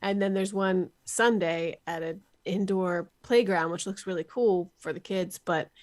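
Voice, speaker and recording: A woman's voice: lowish voice, measured pace. A woman in her thirties, co-hosting a podcast, talking in a chatty, teasing way. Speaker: podcast co-host. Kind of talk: casual book discussion.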